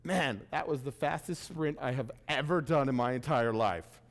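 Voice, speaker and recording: A man's voice: medium pitch, moderate pace, in a large hall. A man giving a keynote speech, telling a self-mocking story and acting out his own reactions, in a large room before an audience. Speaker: keynote speaker.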